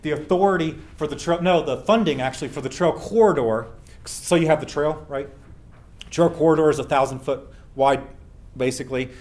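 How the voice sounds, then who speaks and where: A man's voice: fairly high pitch, a little mellow. Earnest man giving a welcome speech. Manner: earnest, emphatic, slowing for effect. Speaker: welcome speaker. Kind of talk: public storytelling speech.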